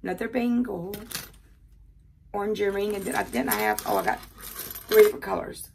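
Older woman, Southern accent, gravelly fry, chatty unboxing talk, faint background hiss, quiet bedroom. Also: mid-range voice. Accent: Southern American. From American South. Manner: chatty, fast-talking, repeats words. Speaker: jewelry unboxing vlogger. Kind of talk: casual chat while unboxing.

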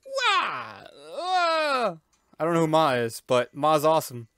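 A gaming YouTuber doing let's-play commentary, loud and excitable, with playful yelps, silly noises and sound effects. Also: mid-range voice, fast talker, clear, resonant tone, dry recording.

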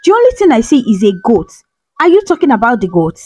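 A woman's voice: a little high, sing-song, quick pace, a little mellow, husky, faint music behind. A woman voicing a concerned, suspicious pregnant wife in a storybook tale, speaking in a puzzled, worried way.

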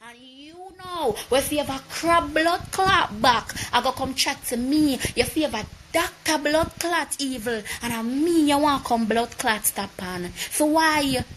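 A woman with a Jamaican accent ranting to her viewers in a live video, with an animated, profane, heated storytelling manner. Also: fairly high pitch. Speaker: vlogger.

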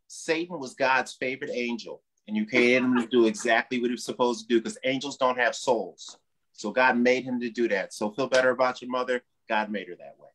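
A man's voice: fairly high pitch, bright, forceful tone, a little hiss or hum. A man hosting a live-streamed comedy show, teasing a comic and going into a joking campaign speech over a video call. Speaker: show host.

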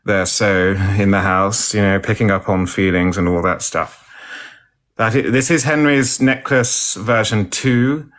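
A man co-hosting a relaxed live stream, reading out comments in a posh, theatrical way. His voice sits a little low. He plays up old-fashioned words with self-mocking humour. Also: a little slow.

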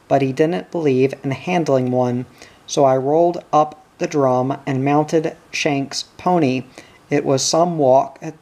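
A man voicing a grumbling, sharp-tongued miner, with a gruff, sarcastic delivery. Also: a little high.

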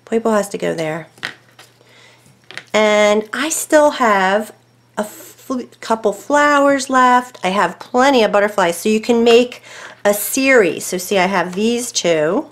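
Working through a homemade craft tutorial, a woman with a medium-pitched voice speaks slowly. She talks to her dogs and to herself, reasoning over each choice aloud and occasionally lowering to soft murmurs.

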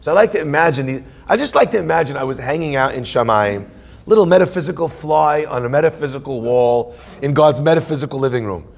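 Playful, gravel-voiced Torah teacher (man). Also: on the high side, expressive, fast talker. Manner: playful, self-deprecating, musing asides. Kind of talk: humorous Torah class.

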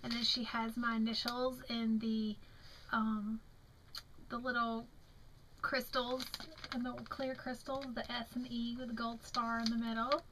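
A tired young woman with a Southern American accent, a crafting vlogger, chats slowly and admiringly while showing off craft mail at home, yawning now and then. Her voice sits on the high side with little pitch movement, and the background is noisy.

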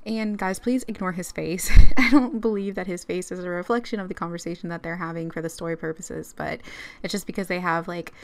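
A woman's voice: lowish voice, steady tone, a little fast. A young woman narrating a life-sim game story in a chatty way, full of fillers. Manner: chatty, uses lots of fillers, laughs often. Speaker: gaming youtuber.

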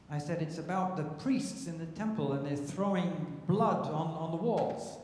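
A man's voice: fairly high pitch, normal speed, few pauses, darkish tone. A man, a cantor and composer, telling stories and teaching the audience in a chatty, humorous way. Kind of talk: storytelling lecture to a synagogue audience. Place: large synagogue sanctuary. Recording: echoey sanctuary with long reverb, faint noise.

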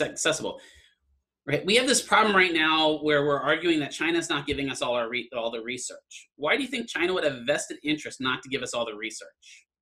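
A man's voice: fairly high pitch, sharp tone. A man lecturing an online class in a casual, conversational way, often checking in with "right?". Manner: conversational, keeps asking "right?".

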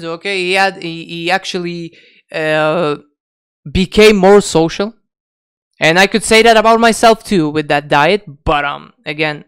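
Profane, blunt man with a smooth voice. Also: high voice, a bit bright. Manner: profane, blunt, many restarts and fillers. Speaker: diet vlogger. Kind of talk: unscripted rant to camera.

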